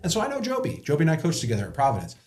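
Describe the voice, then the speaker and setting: A man's voice: fairly high pitch, wildly swooping pitch, very fast, a little mellow, roomy sound. A middle-aged man telling stories in an earnest, casual chat, often quoting what others said. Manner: earnest, storytelling with quoted dialogue; joking. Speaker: podcast guest.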